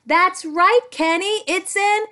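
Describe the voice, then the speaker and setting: Woman speech therapist, children's lesson, very high voice, slow and sing-song, exclamatory. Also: sharp tone. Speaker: speech-language pathologist.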